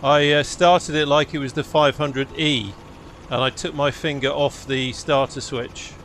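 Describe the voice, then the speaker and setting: Guy streaming a heli sim, chatty and joking at himself, engine racket loud behind him. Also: fairly high pitch, fairly even intonation, a little slow, slight background noise. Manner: chatty, self-mocking, talks himself through checks. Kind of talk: live-streamed flight sim commentary.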